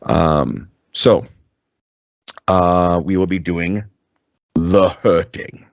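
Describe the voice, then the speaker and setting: A man's voice: low voice, drawn-out words, creaky, no echo, highs cut off. A man co-hosting a podcast, chatting casually and rambling with lots of ums and restarts, swearing freely. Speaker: podcast co-host. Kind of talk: casual chat.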